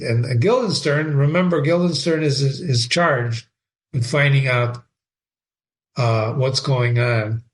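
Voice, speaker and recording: A man's voice: medium pitch, measured pace. A man hosting a casual read-aloud of a play, with chatty, offhand asides between passages. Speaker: host reading a play aloud.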